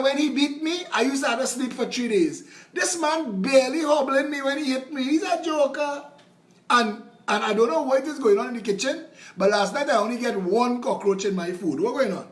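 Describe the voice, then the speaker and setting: A man's voice: extremely high pitch, roomy sound, voice pushed up. A man with a Trinidadian accent voicing a sarcastic enslaved man who mockingly begs his master for harsher treatment. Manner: mocking, excited, rapid dialect complaints.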